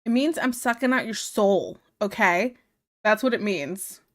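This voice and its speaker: A woman streamer chatting casually while she draws, frank, teasing and quick to giggle. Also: mid-range voice, lively intonation. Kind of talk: casual chat while drawing.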